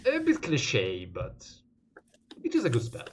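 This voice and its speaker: A man voicing a polite, wary male NPC in a tabletop game, speaking formally and slowly. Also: medium pitch, wildly swooping pitch, a little hiss or hum. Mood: courteous. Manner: formal, slow and measured.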